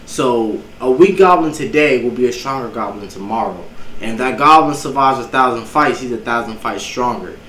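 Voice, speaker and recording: A man doing a grim, low-voiced monster hunter. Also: expressive, moderate pace, fairly bright tone, roomy sound, slight background noise, lightly acted, poor audio.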